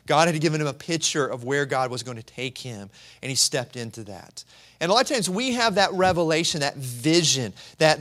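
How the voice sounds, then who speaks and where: A man gives a sunday sermon as pastor, talking to his church in a loose, conversational way. His voice sits a little higher than most men's. He often stumbles and repeats words while he works out the next phrase. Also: a bit bright.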